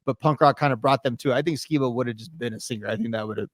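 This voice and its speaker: A man's voice: mid-range voice, rapid-fire, dry recording, clean studio sound. A man co-hosting a music podcast in casual chat over a remote call, hedging his points with many restarts and you-knows. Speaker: podcast co-host. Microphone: remote call mic.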